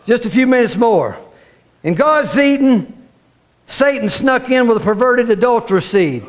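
A man preaching a fervent sermon, repeating phrases and rising to shouts. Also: extremely high pitch, expressive, unhurried.

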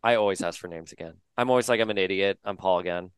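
A man hosting a podcast in casual chat, animated and gossipy, often acting out quotes. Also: low voice, clean tone, no room sound. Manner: animated, gossipy, quick to joke and act out quotes. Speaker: podcast host.

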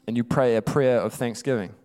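Male preacher, clear resonant tone, emphatic conversational delivery. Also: mid-range voice, steady tone, a little fast, a little mellow, faint music behind. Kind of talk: sermon.

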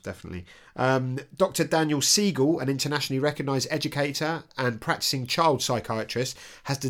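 A podcast host chatting with a guest in an easy, jokey way. The host often breaks into laughter partway through a sentence, then slows right down to read passages aloud. The voice sits at a middling pitch. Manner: reads book passages aloud slowly. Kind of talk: casual chat interview.

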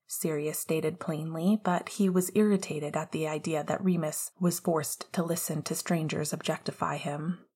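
A woman narrating a fan-fiction audiobook in a soft, hushed voice that often drops close to a whisper. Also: on the low side, unhurried, hardly any pauses, breathy edge.

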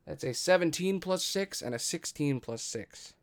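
A man narrating as game master of a tabletop game, measured and deliberate, with the odd swear. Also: fairly high pitch, lively intonation.

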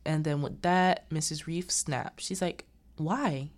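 A woman's voice: deep voice, slow. A woman casually retelling a movie's plot as a recap host, acting out the characters' lines as she goes. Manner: animated retelling with quoted dialogue.

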